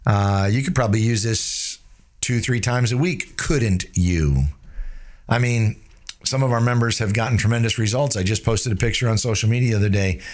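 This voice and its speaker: A man's voice: lowish voice, moderate pace. A man giving a sales training talk, using rhetorical tag questions and demonstrating shifts of tone and tempo.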